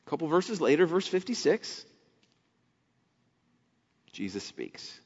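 Animated preacher in a big reverberant hall. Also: male voice, fairly high pitch, slow pace, long pauses, breathy edge. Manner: animated, rising to near shouts on key points; quotes scripture and acts out the crowd's voices. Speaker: pastor. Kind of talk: sermon. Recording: dull sound with long hall reverb.

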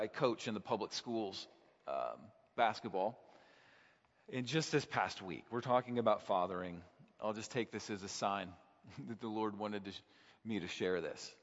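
A man preaching a sermon, telling a personal story and building to fervent, passionate peaks. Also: lowish voice. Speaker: pastor. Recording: dull sound in a hall with long reverb.

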